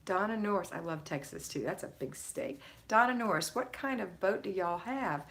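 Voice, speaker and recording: A woman's voice: medium pitch, animated, normal speed, fairly bright tone, a little hiss or hum. A woman hosting a live stream, chatting casually, reading out viewers' comments and greeting them by name with frequent laughs. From Florida, United States. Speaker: host of a home-organizing live stream.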